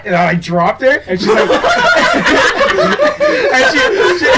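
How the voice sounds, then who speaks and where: A man's voice: very high voice, wildly swooping pitch, slow, few pauses. A young man co-hosting a podcast, telling crude stories and laughing often. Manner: laughing storyteller, crude jokes. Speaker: podcast co-host. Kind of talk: casual chat. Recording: distant mic with clear background noise.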